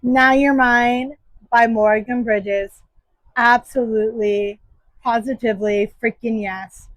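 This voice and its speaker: A woman's voice: on the high side, fairly even intonation, slow, dry recording, rough recording. A woman book vlogger casually reviewing her monthly reads, enthusiastic and emphatic.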